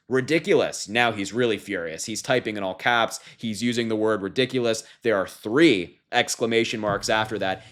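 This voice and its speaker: Young guy ranting about politics, kinda low voice, sarcastic, laughs a lot. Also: fairly bright tone. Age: young adult. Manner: sarcastic, incredulous, laughs at remarks. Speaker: political commentator. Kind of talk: casual political commentary.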